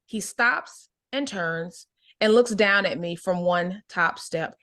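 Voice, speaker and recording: Woman reading a novel to her esl book club, slow clear teacher voice, checks everyone's following. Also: on the low side, fairly bright tone. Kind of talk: reading a novel aloud and explaining it.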